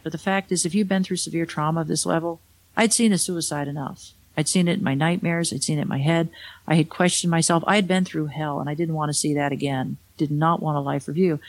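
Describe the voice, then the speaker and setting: A woman's voice: deep voice, a little fast, no room sound. A middle-aged woman, an author, telling a personal story in a candid, conversational way with wry asides. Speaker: author and speaker.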